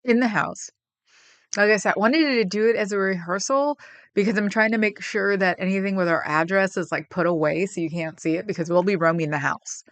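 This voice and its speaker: A woman's voice: medium pitch, brisk, a bit bright, dry recording. A woman hosting a livestream, chatting casually and rambling with viewers, getting emotional about her pets. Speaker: livestream host.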